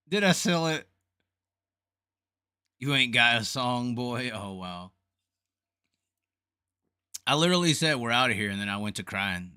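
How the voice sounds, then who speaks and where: A man's voice: mid-range voice, pushed and bright, smooth, no room sound, studio quality. A man hosting a casual livestream, rambling and joking at his own expense. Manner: rambling, joking, self-mocking. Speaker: livestream host.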